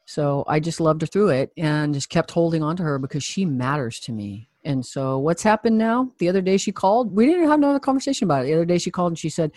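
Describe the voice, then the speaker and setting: A coach telling a personal story to explain a point, talking in an earnest, reflective way with pauses and soft sighs. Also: mid-range voice, lively intonation, no room sound, clean studio sound. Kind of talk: conversational teaching with personal story.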